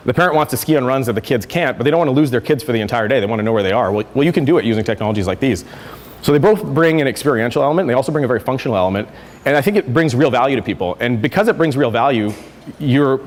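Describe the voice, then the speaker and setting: A man gives a conference talk at a brisk pace, restarting phrases and filling gaps with "um" as he goes. His voice sits mid-range. It rings out with a long reverb from the hall. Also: mid-range voice. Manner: conversational, self-correcting with fillers. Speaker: conference speaker. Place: lecture hall.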